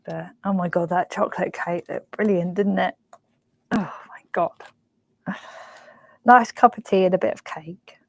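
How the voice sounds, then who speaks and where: A woman's voice: on the low side, normal speed, vocal fry, no room sound, low-quality recording. A young woman hosting a craft live stream, chatting emotionally with lots of fillers. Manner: gushing, emotional, soft-spoken with many fillers. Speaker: craft show host. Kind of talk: casual live-stream chat.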